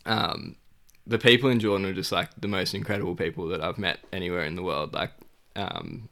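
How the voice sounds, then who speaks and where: A man's voice: deep voice, animated, a little fast, vocal fry, a bit bright. A man telling a travel story in casual talk, rambling with many fillers and laughing as he goes. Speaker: guest.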